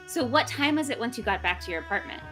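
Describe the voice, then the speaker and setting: A woman co-hosting a game stream in casual chat, expressive and quick to laugh and gasp, with faint music behind her. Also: fairly high pitch. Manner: expressive, laughs and gasps often. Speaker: stream co-host.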